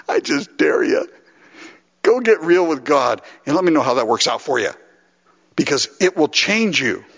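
A pastor from Los Angeles preaching with a lively, swinging delivery and a slightly husky voice. He acts out heartfelt prayers and keeps chuckling as he goes. The recording is dull and lo-fi, and a long reverb trails off in a large hall. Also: on the high side. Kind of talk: sermon.

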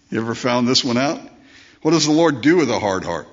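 Heard on a dull lo-fi sermon recording, a pastor speaks at a moderate pace in an expressive, mid-range voice. His conversational preaching includes rhetorical questions and acted-out impressions of quoted voices.

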